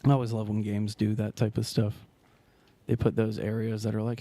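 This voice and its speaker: A man's voice: lowish voice, a little fast. A man streaming a video game, talking casually and rambling as he plays. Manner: rambling, relaxed, trails off mid-sentence. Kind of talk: casual gameplay commentary.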